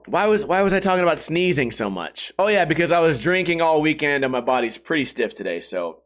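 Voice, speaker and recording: Male podcast host, middle-aged, slightly high voice; loose, profane, jokey solo storytelling with voiced-out quotes. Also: very animated, fairly quick. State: hungover and stiff.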